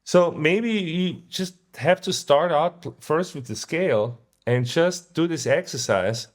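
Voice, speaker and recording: A man teaching guitar in a casual video lesson, relaxed and often ending points with a questioning "yeah?". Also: a little high, a little slow. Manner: sings short phrases to illustrate ideas.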